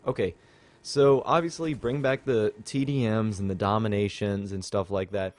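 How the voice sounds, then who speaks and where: A man's voice: lowish voice, fairly even intonation, normal speed, darkish tone. A young man talking casually and rambling over his gameplay footage, sharing thoughts with his channel's viewers. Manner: casual, rambling, chatty with fillers. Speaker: gaming channel host. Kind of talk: gameplay commentary.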